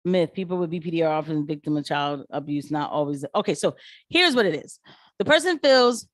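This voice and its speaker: A woman who works as a nurse, talking casually to her viewers and telling lively stories, putting on quick voices for the people she quotes. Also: low voice, no echo, studio quality. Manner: animated storytelling with quoted voices. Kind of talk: casual commentary vlog.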